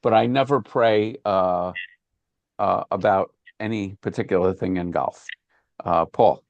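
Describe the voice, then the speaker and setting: Man teaching a relaxed discussion class. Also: low-pitched, measured pace, vocal fry, dry recording, dull audio. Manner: conversational, with frequent restarts and fillers.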